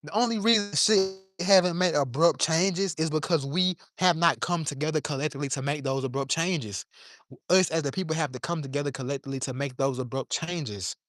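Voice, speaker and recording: A man's voice: on the high side, a little fast, fairly bright tone, dry recording, studio quality. A man giving an impassioned, profane monologue to camera from his yard, preaching in plain street talk while a little under the weather. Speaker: vlogger.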